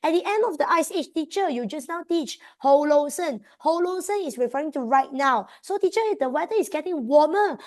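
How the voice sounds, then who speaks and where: Malaysian lady tutor, high voice, mixes english n malay, keeps checking if students get it. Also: lively intonation, fairly quick, few pauses. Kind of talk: online exam revision class.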